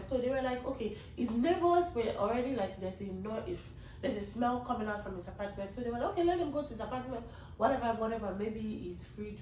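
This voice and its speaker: A woman's voice: fairly high pitch, darkish tone, roomy sound, recorded from a distance, a little hiss or hum, low-quality recording. A woman podcast host, talking in a casual, rambling monologue and earnestly pleading with her listeners.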